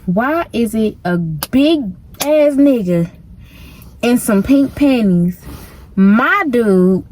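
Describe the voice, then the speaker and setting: A woman's voice: fairly high pitch, animated, extremely slow, a little mellow, slight background noise. A woman vlogger telling a personal story in a casual, slangy, emphatic way.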